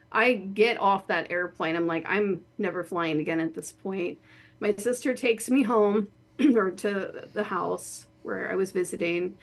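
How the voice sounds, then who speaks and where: A woman guest telling a personal story in a casual, animated way, laughing often and saying "like" a lot. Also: medium pitch. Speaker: guest, horror author and spirit board practitioner.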